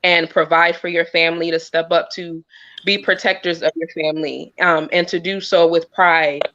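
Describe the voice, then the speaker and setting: A woman on a video call giving a sincere, encouraging talk, earnest and pausing with frequent ums. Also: lowish voice, flat delivery, pushed and bright, no echo. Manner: earnest, many pauses and filler ums. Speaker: guest speaker. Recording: dull, dry lo-fi sound.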